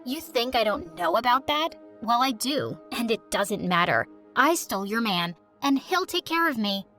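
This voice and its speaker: A woman's voice: fairly high pitch, lively intonation, moderate pace, pushed and bright. A woman voicing a spiteful, scornful young woman who is the younger sister, with a cold, sneering delivery over faint music.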